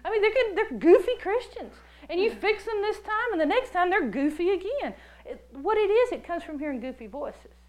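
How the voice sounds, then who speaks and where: High-voiced woman preaching a sermon. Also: normal speed, poor audio. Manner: animated storytelling, acts out quoted voices; jokey, laughs often.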